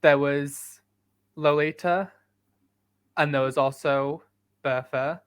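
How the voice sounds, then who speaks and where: Sarcastic British man, fairly high voice. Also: steady tone, slow pace, pauses often, fairly bright tone, clear, resonant tone. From United Kingdom. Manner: dry, sarcastic asides. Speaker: podcast co-host. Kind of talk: casual chat.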